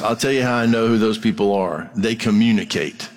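A man's voice: medium pitch, moderate pace, hardly any pauses. A man, a pastor, preaching a sermon in a casual, conversational way, quoting imagined objections from his listeners. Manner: conversational preaching, quotes hecklers in asides. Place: church sanctuary. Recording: long reverb of a large hall.

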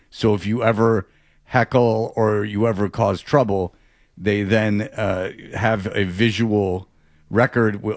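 A man's voice: on the low side, no echo. A male sports radio host in casual studio talk, rambling and sarcastic, often restarting his sentences.

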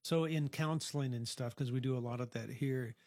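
A man's voice: medium pitch, fairly quick, a little mellow, no room sound, clean studio sound. A middle-aged man interviewing a teenager at a youth program, asking probing, reflective questions. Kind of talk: counseling-style interview.

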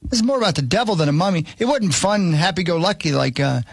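A man's voice: high-pitched, animated, fast talker, breathy edge, dry recording. A man hosting a sports talk show, chatting in a folksy, rambling, plain-spoken way. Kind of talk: casual sports chat.

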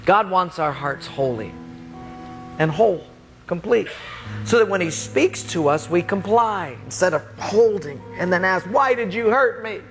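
A man preaching a sermon, telling a personal story and acting out the voices, dropping low and quiet to quote God. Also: animated, unhurried, soft background music.

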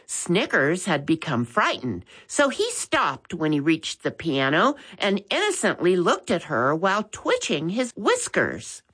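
A woman reading a children's chapter book aloud in a slow, expressive way. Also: fairly low pitch, slightly rough. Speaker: storyteller.

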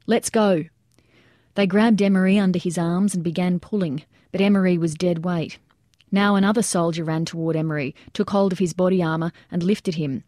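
A woman narrates an audiobook in a measured, steady way. Her voice is fairly low and mellow. The recording is dry and close. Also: no room sound.

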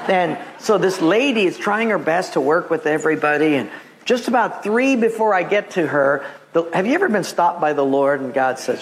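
A male pastor from Hawaii preaching a sermon, telling a story and acting out quotes in an animated voice. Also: high-pitched, fairly quick, in a large hall. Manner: animated, acts out quotes with raised voice.

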